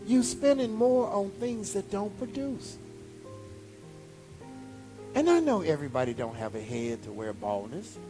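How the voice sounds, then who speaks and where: A man pastor preaching a sermon, animated, with sudden high exclamations. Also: a little slow, pauses often, over music.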